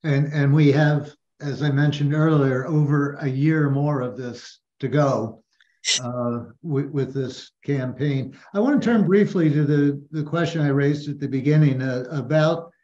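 Male moderator, slow and measured, dull lo-fi webinar sound. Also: on the high side, warm tone. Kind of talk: moderating a panel discussion.

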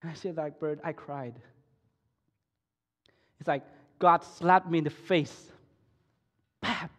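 High-pitched guy preaching his testimony, goes quiet then loud and slow, keeps restarting phrases, big reverby hall. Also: steady tone. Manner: emotional, swinging from soft to loud and slow. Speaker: week of prayer speaker. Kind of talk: personal testimony sermon. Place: school worship hall. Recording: echoey hall.

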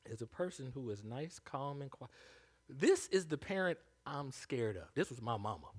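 A man preaching a sermon as pastor, animated, swinging from hushed asides to loud calls. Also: medium pitch, normal speed, husky.

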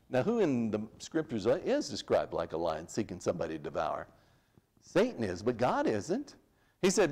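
Animated man teaching a Bible class. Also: medium pitch, moderate pace. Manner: lively, conversational, reads scripture then paraphrases it. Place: church classroom.

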